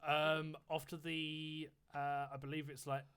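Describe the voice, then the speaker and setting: A man leading his squad over voice chat in a military simulation game, brisk and swearing when frustrated. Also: a little high, monotone, a bit bright, clear, resonant tone. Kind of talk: tactical radio chatter while playing.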